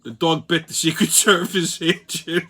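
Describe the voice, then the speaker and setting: Brash Brooklyn conductor-host, mocking and profane, bright and a bit high, as a man puts it on. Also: level tone, unhurried. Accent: put-on Brooklyn. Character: loud Brooklyn male train conductor-host.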